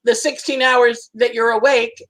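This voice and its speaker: A woman's voice: fairly high pitch, a little slow, poor audio. A middle-aged woman astrologer chatting casually on a podcast, telling stories with lots of acted-out quotes and frequent laughs. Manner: animated storytelling, acts out quoted voices, laughs often. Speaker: astrologer guest.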